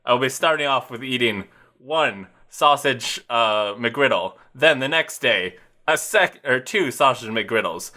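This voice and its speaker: A man's voice: mid-range voice, expressive, unhurried, bright, forceful tone. A man hosting a podcast in casual chat, rambling through jokey plugs and announcements. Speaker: podcast host.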